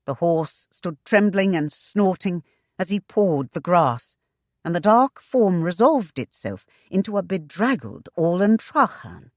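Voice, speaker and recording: Slow lady narrating a romance audiobook, dry booth sound. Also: lowish voice, sing-song, dry recording. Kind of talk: scripted narration.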